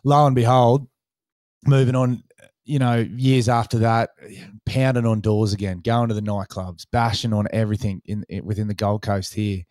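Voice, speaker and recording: A man's voice: on the low side, moderate pace, no echo, studio quality. An Australian man in his thirties hosting a podcast, telling stories in loose, sweary chat and acting out other people's lines. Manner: swears freely, animated retelling with put-on voices. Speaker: podcast host. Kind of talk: casual storytelling chat.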